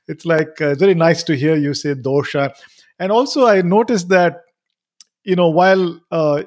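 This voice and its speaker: A man hosting an interview podcast, speaking casually with frequent restarts and affirmations. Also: fairly high pitch. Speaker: podcast host.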